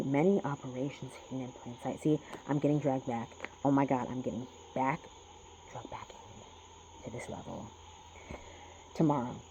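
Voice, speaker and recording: A man's voice: mid-range voice, warm tone, dull audio, slight background noise. A man rambling through a spiritual card reading, swearing often and lecturing his listeners. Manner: profane, preachy, talks to himself. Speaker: spiritual vlogger doing a reading.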